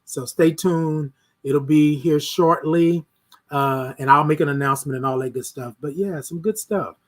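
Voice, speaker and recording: A man hosting a casual morning livestream, greeting viewers by name with repeated affirmations and lively swings between loud and soft. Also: on the high side, moderate pace. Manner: warm, repetitive affirmations, shouts out viewers by name. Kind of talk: casual live-stream chat with viewers.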